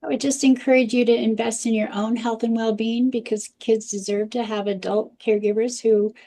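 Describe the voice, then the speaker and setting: Woman parenting expert, mellow tone, storyteller's delivery, interview guest. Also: a little high, a little fast. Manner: animated anecdotal storytelling.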